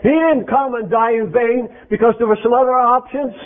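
A man's voice: extremely high pitch, normal speed, hardly any pauses. A man preaching an interactive sermon, speaking emphatically and quizzing his congregation with questions. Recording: tinny phone-like lo-fi recording.

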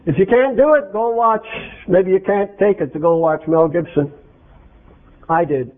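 Captured on a tinny, lo-fi recording that sounds like a phone, a preacher with a high voice leads an interactive sermon. He keeps a measured pace, stays emphatic, and fires questions at his congregation.

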